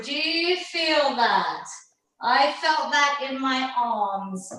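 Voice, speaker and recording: A woman's voice: high voice, animated, drawn-out words, pushed and bright. A woman fitness instructor leading an online workout class, upbeat and encouraging, counting down the reps. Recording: very echoey room, mic far off.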